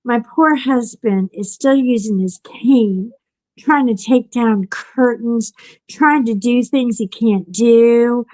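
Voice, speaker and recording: A woman podcast host telling a story in casual chat, animated and acting out what people said. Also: on the high side, takes it slowly, no echo, poor audio. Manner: animated storyteller who acts out quotes.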